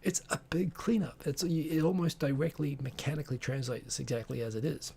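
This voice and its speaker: Man, gravelly voice, a bit husky, casual livestream host, rambling with lots of restarts. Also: a little high, steady tone, brisk, warm tone. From Tokyo-based. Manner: rambling, digressive, many restarts and fillers. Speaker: live-stream host. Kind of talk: casual live-stream chat.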